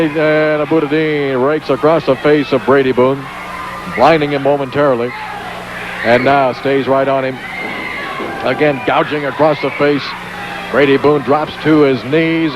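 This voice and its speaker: Man, wrestling announcer, excitable play-by-play, high voice, hissy 1980s broadcast recording. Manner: excitable, exclaiming, hype-driven.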